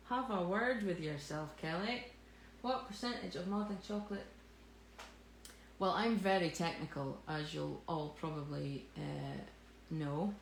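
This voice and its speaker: A woman's voice: on the low side, creaky, darkish tone, slight background noise. A woman teaching cake decorating in a live tutorial, chatty, jokey and self-mocking as she works. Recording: echoey room with faint ambience.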